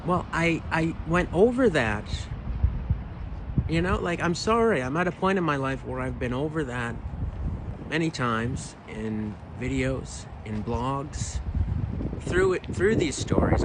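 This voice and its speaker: Weathered-voiced man ranting slowly outdoors. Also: fairly high pitch, background noise. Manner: frustrated, emphatic, rhetorical questions. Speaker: singer and video creator. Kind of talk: casual vlog rant.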